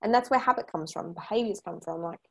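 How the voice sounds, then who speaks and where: A woman's voice: fairly low pitch, fast talker, creaky. A woman hosting a podcast, talking earnestly and emphatically, repeating points for stress. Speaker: podcast host. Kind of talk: casual chat.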